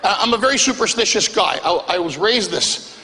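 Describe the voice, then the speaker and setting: A man's voice: high-pitched, fairly quick, a little hiss or hum. A man performing a stand-up comedy set, telling stories animatedly and acting out the people in them. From Greek background. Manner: animated storytelling, acts out characters. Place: comedy club stage, live audience. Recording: live venue with long reverb.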